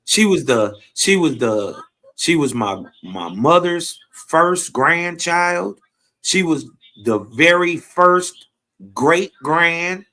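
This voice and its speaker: Slow-talking grieving Southern man. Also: a little high, lively intonation, pushed and bright. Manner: slow, reflective, grieving father. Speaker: guest. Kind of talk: emotional livestream talk.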